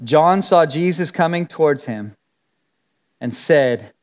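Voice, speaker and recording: In a hall with long reverb, a man preaches an expository, verse-by-verse Bible teaching sermon. His voice is a little high and expressive, his pace slow, and he talks conversationally, acting out the quotes in different voices.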